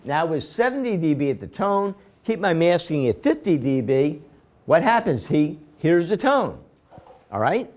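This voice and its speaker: A man's voice: a little high, darkish tone. Man lecturing, quizzing his class. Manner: quizzing students with rhetorical questions; step-by-step, repetitive explaining. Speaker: instructor.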